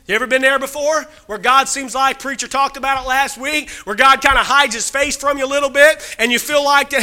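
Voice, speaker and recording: Guy preaching a sermon, really high and bright voice, gets loud then drops soft for scripture. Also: steady tone, brisk, few pauses. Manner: emphatic, conversational, swings between loud exhortation and quiet scripture reading.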